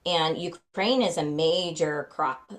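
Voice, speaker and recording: A woman talking as a guest in a casual interview, chatty and quick with frequent fillers. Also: deep voice, low-quality recording. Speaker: guest, flour company founder.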